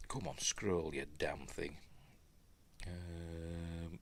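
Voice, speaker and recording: A man's voice: lowish voice, expressive, a little slow, a little hiss or hum. A man with a Yorkshire accent hosting a live film breakdown, chatting along and muttering asides under his breath. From Yorkshire, England. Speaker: film review host.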